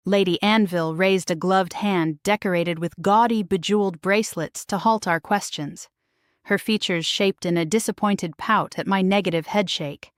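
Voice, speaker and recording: A woman narrating a first-person romance novel in a steady, expressive reading voice. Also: medium pitch, moderate pace, dry recording, clean studio sound. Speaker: audiobook narrator.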